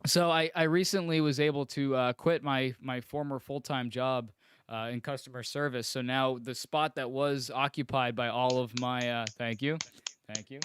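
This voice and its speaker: A smooth-voiced man chatting casually. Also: medium pitch, fairly even intonation, moderate pace, a bit bright, dry recording. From not from the UK. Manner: rambling, lots of fillers and restarts. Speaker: podcast co-host. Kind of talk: casual chat. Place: home apartment.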